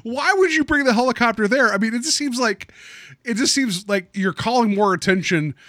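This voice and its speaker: A man's voice: very high-pitched, brisk, fairly bright tone, dry recording, studio quality. A man casually discussing a movie on a podcast, joking and rambling with lots of fillers. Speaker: podcast co-host.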